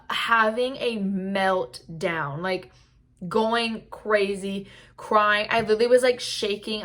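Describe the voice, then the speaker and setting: A young woman with a very bright, sharp voice telling a casual storytime. She talks in a loose, chatty way, filling her sentences with "like." She is recorded on a camera mic indoors at home. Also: medium pitch. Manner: chatty, heavy use of "like". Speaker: vlogger.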